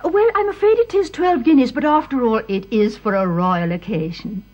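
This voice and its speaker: An actress playing a courteous, deferential shop assistant in a radio drama. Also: female voice, on the high side, moderate pace, a little mellow, lo-fi sound, lightly acted. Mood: tactful. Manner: courteous, tactful. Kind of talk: 1930s-set radio drama.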